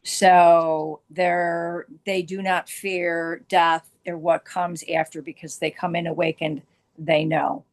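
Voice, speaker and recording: A woman with a lowish voice adds a thought to the group, halting and apologetic. She is heard over a video call. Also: flat delivery. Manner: hesitant, apologetic interjections. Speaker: meditation group participant. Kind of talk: casual chat on Zoom.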